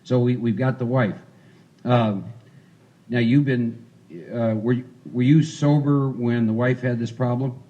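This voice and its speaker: A man's voice: medium pitch, fairly even intonation, a little slow, warm tone, highs cut off. A man leading a recovery workshop, talking casually and coaching volunteers through a role-play. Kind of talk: interactive recovery workshop talk.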